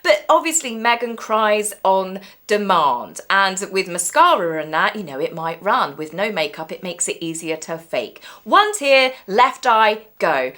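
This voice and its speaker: A woman's voice: mid-range voice, animated, moderate pace, hardly any pauses, fairly bright tone. A woman giving mocking, gossipy commentary on the royals as a vlog host. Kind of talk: sarcastic commentary.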